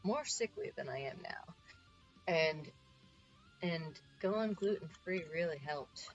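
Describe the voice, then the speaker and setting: A woman's voice: low-pitched, animated, slow pace, lo-fi sound, faint music behind. A woman from the Northeastern US chatting casually to her stream while she paints, rambling and talking to herself.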